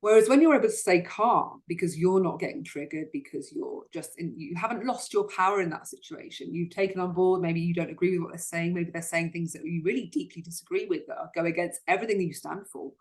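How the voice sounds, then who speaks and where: A woman's voice: lowish voice, fast, few pauses. A woman hosting a solo self-help talk, speaking earnestly and often repeating words as she starts a sentence. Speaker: host.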